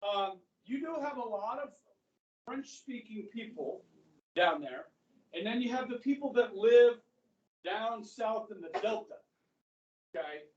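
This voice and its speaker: A man's voice: sits high, expressive, measured pace, long pauses, lo-fi sound. A male history teacher lecturing a class in a casual way. He often checks in with the students by saying "okay". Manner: talks to students, says okay a lot. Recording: echoey classroom from a far mic.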